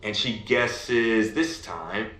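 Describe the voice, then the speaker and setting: A man telling a bedtime fairy tale on a video call, animated, going up high with excitement and down low for suspense, and checking in with his listener. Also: drawn-out words, roomy sound. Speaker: parent telling a bedtime story.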